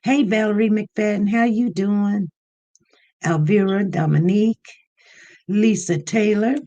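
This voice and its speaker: An easygoing live-stream host speaks slowly and deliberately, reading out viewers' names one after another. The voice sits at a middle pitch, and the delivery is relaxed and conversational. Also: muffled recording. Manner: unhurried, warm greetings of viewers by name. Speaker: livestream host. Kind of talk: casual live-stream chat greeting viewers.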